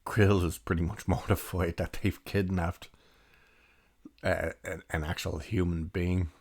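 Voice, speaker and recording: A young man with a low, deep voice talks through a film review in a loose, rambling way and chuckles as he goes. His voice is recorded close and dry, with no room sound around it. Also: little pitch movement, measured pace, a little mellow, no room sound. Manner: rambling, chatty, laughs while recounting. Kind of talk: casual spoken film review.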